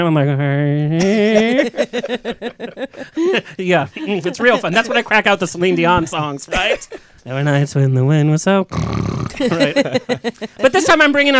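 A man hosting a podcast, telling stories in a casual, animated way and laughing often. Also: high voice, moderate pace, clean tone. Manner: chatty, laughing, animated storyteller. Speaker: podcast host. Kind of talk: casual chat.

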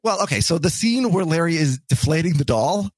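A man talking casually as a podcast co-host, his pitch slightly higher than most men's and swinging widely as he speaks. He talks in a hesitant, halting way, full of fillers and restarts. The sound is dry and close. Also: expressive, a little mellow, no echo. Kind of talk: casual chat.

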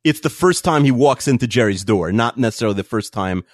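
Animated rambling man, dry close mic. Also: mid-range voice, quick pace, no room sound. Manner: animated, rambling with many fillers. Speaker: podcast co-host. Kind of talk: casual chat.

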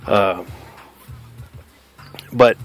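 A man's voice: drawn-out words, soft background music. Blunt Southern man hosting a podcast. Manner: blunt, combative, cusses freely. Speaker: podcast host. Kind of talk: casual podcast monologue.

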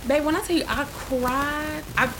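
A woman on a podcast telling a personal story in a casual, animated way, full of fillers, acting out the dialogue she quotes. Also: sits high, moderate pace, background noise. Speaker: podcast co-host.

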